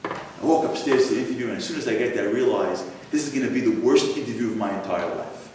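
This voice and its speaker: A man telling a humorous personal story live to an audience, with animated comic timing and chatty asides. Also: mid-range voice, fast talker, slight background noise. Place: large synagogue hall. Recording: echoey hall from far off, faint ambience.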